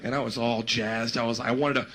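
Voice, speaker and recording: A man doing a stand-up routine, animated and jumping into squealing voices. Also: mid-range voice, fairly quick. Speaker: stand-up comedian. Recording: noisy live stand-up recording.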